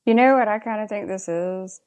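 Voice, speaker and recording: A woman's voice: medium pitch, fairly quick, darkish tone. A woman co-hosting a podcast, chatting casually and with strong opinions as she recaps a TV episode and asks her co-host's views. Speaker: podcast co-host.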